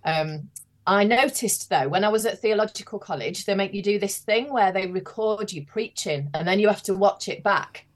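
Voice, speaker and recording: A woman's voice: medium pitch, normal speed. A woman priest with a regional English accent, speaking candidly and wryly about her experiences in an interview. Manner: candid, wry reflection. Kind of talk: conversational interview.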